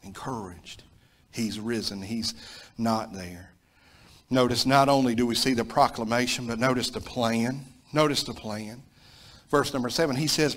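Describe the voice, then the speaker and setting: Speaking a little slowly, a mid-pitched male pastor from the American South delivers a sermon full of emphasis and repetition. His voice climbs to loud peaks, then sinks low again.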